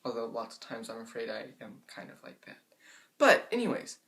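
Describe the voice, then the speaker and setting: A young man giving casual advice in a vlog. He admits he tends to speak in a monotone, and he fills his talk with "I mean" and "like". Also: mid-range voice, normal speed, vocal fry. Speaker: vlogger giving tips.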